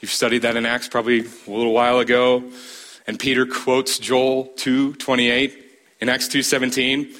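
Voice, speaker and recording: A man's voice: flat delivery, moderate pace, fairly bright tone. A man preaching a sermon, stressing his points emphatically and asking the listeners direct questions. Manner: emphatic, rising to a high pitch to stress points.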